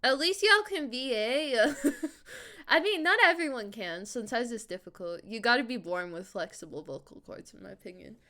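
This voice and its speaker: Woman streamer, casual chat, animated, frequent laughter, swearing, higher put-on voice. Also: normal speed. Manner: puts on a higher character voice. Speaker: streamer and voice actor.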